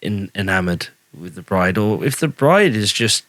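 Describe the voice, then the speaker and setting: A man's voice: on the low side, expressive, normal speed, a bit bright, no room sound. A man hosting a podcast, chatting casually in a joking, self-deprecating way. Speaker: podcast host.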